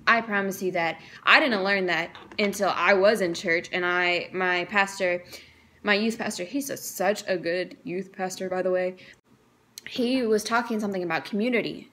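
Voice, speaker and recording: A woman's voice: medium pitch, fairly even intonation, moderate pace, a bit bright. A teenage woman vlogging a personal faith testimony, earnest and emotional, chatty with lots of "like".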